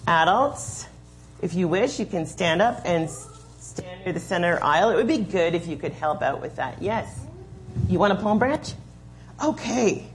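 Gentle woman giving a children's sermon. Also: fairly low pitch, expressive, moderate pace. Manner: gentle, patient, explains and gives step-by-step instructions. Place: church sanctuary.

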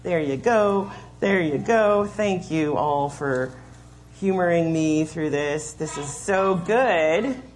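Gentle woman giving a children's sermon. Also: deep voice, slow pace, slight background noise. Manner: gentle, patient, explains and gives step-by-step instructions. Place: church sanctuary.

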